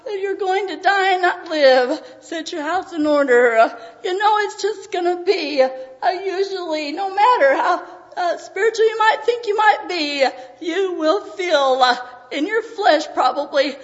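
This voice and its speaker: A woman preaching a sermon with emotion, often pausing on "uh" as her voice breaks. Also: very high voice. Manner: emotional, frequent "uh" fillers, voice breaking. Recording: dull audio in a reverberant hall.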